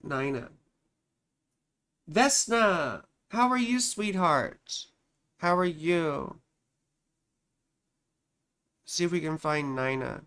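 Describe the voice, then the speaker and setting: A woman's voice: low-pitched, expressive, very slow, pauses often, fairly bright tone. Chatty affectionate woman astrologer. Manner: chatty and affectionate, calls viewers sweetheart and darling; thinks aloud while searching for charts. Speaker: astrologer hosting a live stream. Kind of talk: casual live-stream chart reading.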